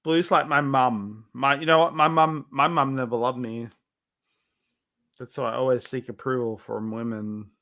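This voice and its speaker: Drunk, rambling man with a bright voice. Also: mid-range voice, steady tone, normal speed. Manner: rambling, repetitive, swinging between insults and self-pity. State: drunk, hiccuping. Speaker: livestream co-host. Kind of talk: drunken rambling livestream chat.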